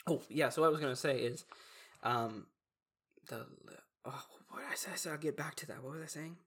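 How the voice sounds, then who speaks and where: A young man in casual podcast chat, telling stories in an animated way and acting out what other people said. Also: on the high side, a little fast, slightly rough. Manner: animated storytelling, acts out quoted voices. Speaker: podcast co-host.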